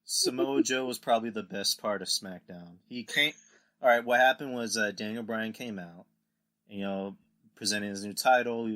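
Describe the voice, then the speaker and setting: A man hosts a casual wrestling podcast, rambling through recaps and acting out quotes in put-on voices. His voice is on the low side, bright and forceful.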